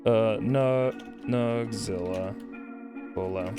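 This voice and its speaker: Lively-voiced laid-back male streamer. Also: fairly high pitch, measured pace, loud music behind the voice. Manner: rambling, laid-back, swears casually, reads chat aloud. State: high. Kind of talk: casual livestream chat.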